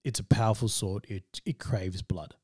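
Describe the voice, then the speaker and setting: A man with a fairly low voice, co-hosting a relaxed film podcast. He explains comic-book lore at length and laughs often. The sound is dry, with no room echo. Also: moderate pace, husky. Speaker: podcast co-host. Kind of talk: casual film discussion.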